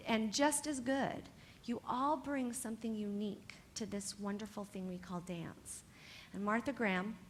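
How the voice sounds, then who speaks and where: A woman from California who teaches dance, giving a motivational talk to young dancers in an animated, encouraging way and speaking straight to the students. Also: mid-range voice, slight background noise.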